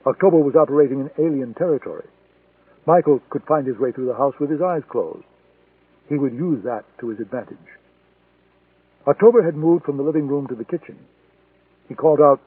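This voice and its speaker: A man reading a thriller audiobook in a steady, measured way. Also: on the high side, slightly rough, dry recording. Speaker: audiobook narrator. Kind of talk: scripted thriller narration. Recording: tinny phone-like sound, dry.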